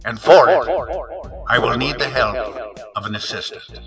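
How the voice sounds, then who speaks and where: A man's voice: medium pitch, normal speed, a bit bright. A man voicing a showy, patronizing male stage magician in a vague foreign accent, spoken through an echo effect over music. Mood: grandiose. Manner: pompous, formal.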